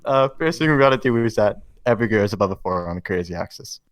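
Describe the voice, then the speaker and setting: A man's voice: lowish voice, lively intonation, fast, dry recording. A man taking part in a tabletop game, teasing and laughing in casual chat. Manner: giggly, teasing. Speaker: player.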